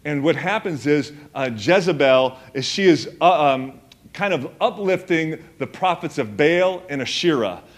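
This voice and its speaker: A man's voice: fairly high pitch, lively intonation, a little slow. A man who is a pastor, preaching a sermon to his congregation in a conversational, joking way with many fillers and asides. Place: church in front of a congregation.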